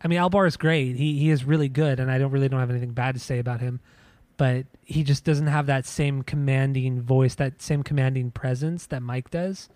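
A man's voice: mid-range voice, steady tone, brisk, hardly any pauses, a little mellow, no room sound. A man co-hosting a podcast, talking casually about music in a rambling way with many restarts. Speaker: podcast co-host. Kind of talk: casual chat.

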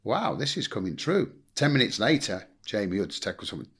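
A man's voice: on the low side, sing-song, a little fast, a bit bright, breathy edge. A middle-aged English man, a former football manager, telling blunt anecdotes in a casual interview and acting out quotes. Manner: blunt anecdotal storyteller, swears, acts out quotes.

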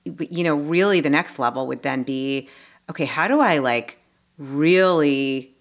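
Low-voiced, earnest woman life coach. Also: a little slow. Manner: animated, with many restarts and asides; earnest and heartfelt. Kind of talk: casual podcast conversation.

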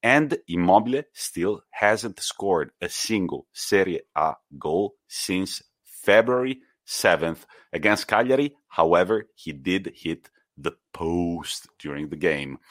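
Low-voiced man chatting football. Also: slow, no echo. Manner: animated storyteller, acts out quotes. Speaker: podcast co-host. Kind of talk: casual football chat.

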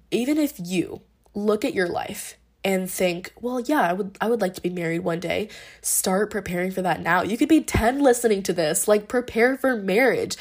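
A young woman hosting a podcast, talking through her thoughts in a casual, rambling monologue with lots of fillers and restarts. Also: medium pitch. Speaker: podcast host.

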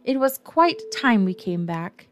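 A woman's voice: medium pitch, very animated, measured pace, soft background music. A woman voicing an earnest, motherly young girl in a storybook reading.

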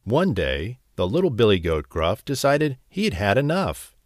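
A man narrating a bedtime story in a slow, expressive, gentle way. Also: fairly low pitch, no room sound, studio quality.

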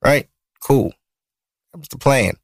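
A man's voice: medium pitch, lively intonation, slow pace, creaky, dry recording, studio quality. A man in his thirties with a Brooklyn accent, hosting a podcast in casual, profane, rambling talk. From Brooklyn, New York. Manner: loose and profane, rambling storytelling. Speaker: podcast host. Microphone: studio mic.

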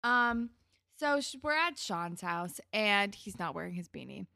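A woman's voice: medium pitch, sing-song, creaky, pushed and bright, no echo, studio quality. A woman co-hosting a casual chat, recapping a TV episode and laughing often. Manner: chatty, laughs often, quotes characters in quick asides. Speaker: podcast co-host.

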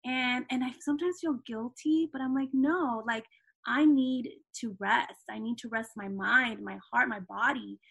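Chatty mid-pitched woman, middle-aged. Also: steady tone, normal speed, creaky, a bit bright, slightly rough. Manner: chatty, frequent "you know" asides. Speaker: guest. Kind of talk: casual interview chat.

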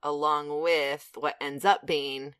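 A woman's voice: sits low, fairly even intonation, slow pace, a bit bright, smooth, no room sound, studio quality. A young woman co-hosting a podcast in casual chat, chatty with frequent fillers and laughs. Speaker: podcast co-host.

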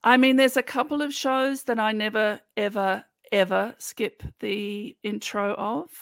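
A woman's voice: mid-range voice, fairly even intonation, measured pace, vocal fry, no echo. An Australian woman co-hosting a podcast, chatting casually and animatedly about a TV show, acting out lines from scenes as she goes. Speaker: podcast co-host. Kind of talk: casual chat.

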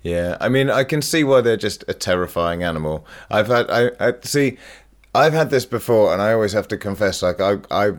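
A man hosting a podcast, chatting casually and relaxed, laughing easily and swearing now and then. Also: fairly low pitch, fairly quick. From Britain. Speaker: podcast host.

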